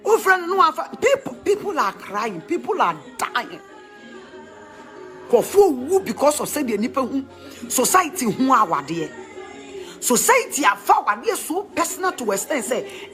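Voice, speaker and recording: A middle-aged woman with a Ghanaian accent giving emphatic, preachy advice in animated talk, laughing often. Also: sits high, normal speed, faint music behind.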